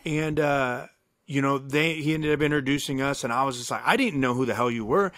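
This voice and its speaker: A man co-hosting a podcast, telling a long story in a casual, animated way, cursing freely and acting out what people said. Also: mid-range voice, fairly quick, dry recording. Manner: animated, profane, acts out quoted dialogue. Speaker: podcast co-host.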